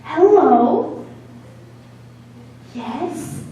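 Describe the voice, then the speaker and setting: A woman's voice: high voice, lively intonation, very slow, mellow, slight background noise, exaggerated voice. A teenage girl on a school stage playing a dry, sardonic secretary. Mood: wry. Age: teens. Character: dry, wry woman secretary. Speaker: student stage actor. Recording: echoey stage from far off.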